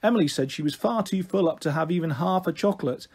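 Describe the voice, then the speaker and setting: A man reading a children's novel aloud in an expressive, animated way. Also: fairly high pitch, fast, husky. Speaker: storyteller.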